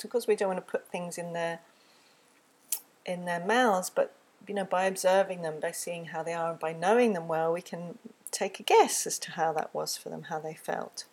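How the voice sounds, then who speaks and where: A woman with a fairly low voice gives an earnest, gentle talk on parenting. Her tone grows soft and soothing as she shows what to say to a child, spoken close to the microphone. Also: fairly even intonation, moderate pace, breathy edge. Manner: gentle, earnest, soothing when voicing empathy. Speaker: parenting teacher. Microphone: close microphone, solo recording.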